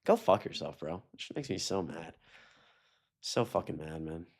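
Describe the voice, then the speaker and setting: A man in his twenties streaming live, ranting in heated, profane commentary that swings from outbursts to low mutters. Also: lively intonation, moderate pace, creaky, a little mellow, husky.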